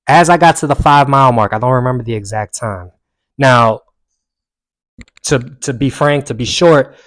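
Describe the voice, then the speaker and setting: A young man earnestly recounting a personal story to camera, rising with emphasis and dropping quiet when he reflects. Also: mid-range voice, no room sound. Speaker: self-help vlogger.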